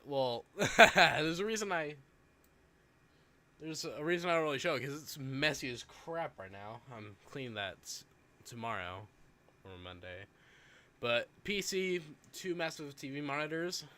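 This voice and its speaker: A man streams and chats in a loose, rambling way, tossing in hyped interjections between his thoughts. His voice is mid-pitched and bright, with a little hiss behind it. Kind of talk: casual chat while reacting to videos.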